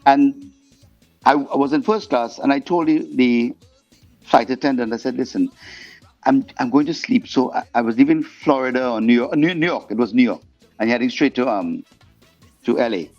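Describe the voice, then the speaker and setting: A man being interviewed as a guest singer, telling stories in a lively way and acting out the voices of the people in them. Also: medium pitch, normal speed. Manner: animated storyteller, acts out quoted voices. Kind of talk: storytelling interview chat. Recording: muffled podcast audio with faint music.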